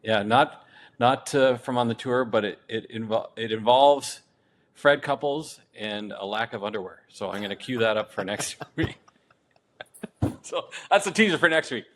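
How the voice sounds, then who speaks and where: A man hosting a podcast in casual chat, upbeat and quick with short replies. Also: medium pitch, a bit bright. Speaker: podcast host.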